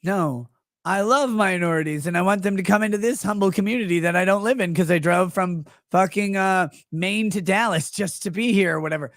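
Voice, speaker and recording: A sarcastic man riffing on the news as a livestream host. He mocks the people he describes and slips into quick put-on voices for them. The sound is dry and close, with almost no room. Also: high voice, fairly bright tone, no echo. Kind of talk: casual commentary.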